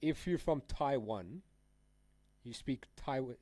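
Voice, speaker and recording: A man's voice: mid-range voice, animated, slow, dark tone, no echo. A young man chatting casually on a live trading stream, rambling and slangy with frequent laughs. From South Africa. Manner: laid-back, rambling, slangy, laughs often. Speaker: trading livestreamer.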